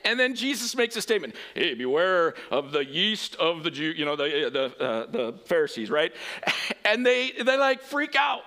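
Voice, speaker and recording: A male pastor preaching a sermon, animated, swinging from quiet asides to shouted emphasis and laughing at himself. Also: high voice, moderate pace.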